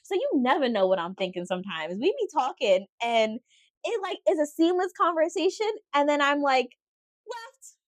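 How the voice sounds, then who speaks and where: A woman with a high voice that swoops up and down, co-hosting a relaxed podcast. She tells stories with lots of slang and emphasis. The sound is dry and close. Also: a little fast, no room sound. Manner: animated storytelling, slangy and emphatic. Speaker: podcast co-host. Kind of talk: casual chat.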